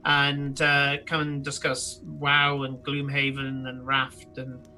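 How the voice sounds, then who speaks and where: Guy gm wrapping up a stream, super bright voice, rambly with lots of uhs, quiet music behind. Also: mid-range voice, completely flat delivery, slow pace. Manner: rambling, lots of fillers and restarts. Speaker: game master. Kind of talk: live-streamed tabletop game, narrating and chatting.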